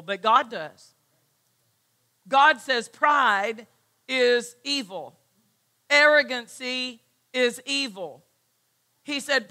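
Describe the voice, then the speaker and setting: Slow, bright-voiced woman pastor preaching. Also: high voice. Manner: emphatic preaching with rhetorical questions. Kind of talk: sermon.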